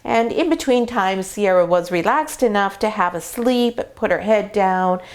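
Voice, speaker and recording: A woman's voice: mid-range voice, measured pace. A middle-aged woman, a dog breeder, explaining puppy care in a chatty, step-by-step way while sitting in a whelping box indoors. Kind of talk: casual explainer video.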